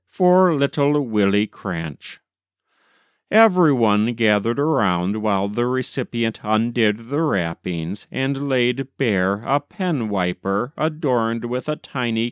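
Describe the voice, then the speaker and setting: A man narrating a story as an audiobook reader, measured and gentle. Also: medium pitch, clear, resonant tone, dry recording, studio quality. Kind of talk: scripted narration.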